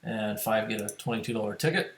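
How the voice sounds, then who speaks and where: This poker streamer's voice is fairly low and creaky, and he speaks briskly in an echoey room with a bit of hiss or hum. While playing online, he casually thinks out loud for viewers about hands and chips.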